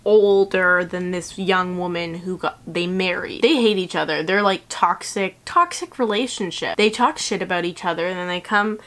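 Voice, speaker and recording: A young woman vlogging a casual, sarcastic book review, swearing freely and acting out the characters in quick quoted voices. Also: on the low side, a bit bright.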